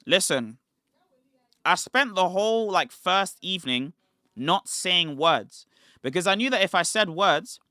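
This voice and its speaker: A young British man chats on his stream in loose slang, looping back and restarting his sentences as he talks. His voice is bright and forceful, pitched a bit high for a man. The sound is crisp and very dry. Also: expressive, no room sound. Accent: British English. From Britain. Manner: rambling, slangy, quick restarts. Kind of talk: casual livestream storytelling.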